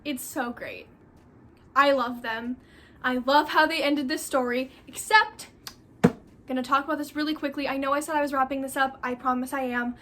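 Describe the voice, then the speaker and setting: Bright high-voiced woman gushing over books. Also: fairly even intonation, normal speed, a little hiss or hum. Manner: gushing, effusive, repeats herself for emphasis. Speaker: book vlogger. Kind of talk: casual rambling book talk.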